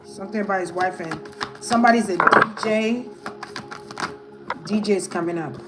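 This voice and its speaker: A woman's voice: mid-range voice, moderate pace, over loud music, low-quality recording. A woman giving a casual tarot reading, thinking aloud in a hesitant, musing way. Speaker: tarot reader.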